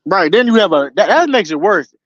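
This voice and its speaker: Animated swearing man talking sports. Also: high voice, fairly quick, no echo, dull audio. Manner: animated, swears a lot, many fillers. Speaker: show host. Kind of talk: casual sports chat.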